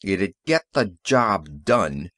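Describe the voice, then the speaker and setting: A weary middle-aged police sergeant, read by a man with a gruff, rueful tone and a lively, swinging delivery. The sound is close and dry, as in a home studio audiobook. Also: mid-range voice, unhurried, dry recording, exaggerated voice. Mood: bitter. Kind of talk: audiobook character reading.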